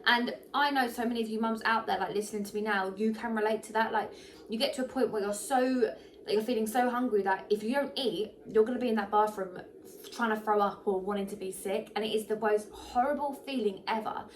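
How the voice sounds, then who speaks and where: A young pregnant woman, chatting casually to camera, animated and full of fillers, a little short of breath. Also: medium pitch, brisk, recorded from a distance, slight background noise. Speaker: vlogger.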